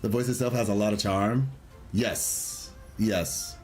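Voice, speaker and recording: A man's voice: on the low side, steady tone, slow pace, soft background music. A man streaming a video game, chatting casually and enthusiastically with a rambling, friendly delivery while reading chat aloud. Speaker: gaming streamer.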